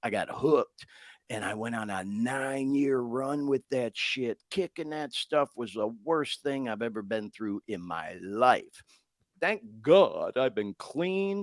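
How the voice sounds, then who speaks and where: A middle-aged man talks to his podcast audience in a loose, unscripted way, swearing freely and speaking plainly. His pitch rises and falls a lot as he talks. The sound is dry and close, with no room echo. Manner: candid and profane, talks straight to listeners. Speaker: podcast host. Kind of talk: casual podcast monologue.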